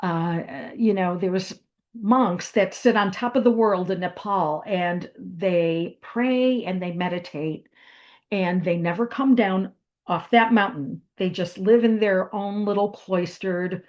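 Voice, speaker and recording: A woman's voice: fairly low pitch, slow pace, a little mellow, muffled recording. A woman giving a reflective talk on meditation, speaking with fillers and restarts. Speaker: meditation teacher. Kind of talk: spoken wellness talk.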